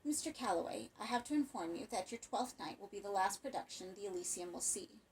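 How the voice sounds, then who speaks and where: Woman voicing a cultured, persuasive old gentleman. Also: mid-range voice, expressive, fairly quick, recorded from a distance, a little hiss or hum, natural voice, poor audio. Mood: grave. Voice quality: persuasive, rhetorical. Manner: courtly, melodramatic. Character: cultured older male theater patron.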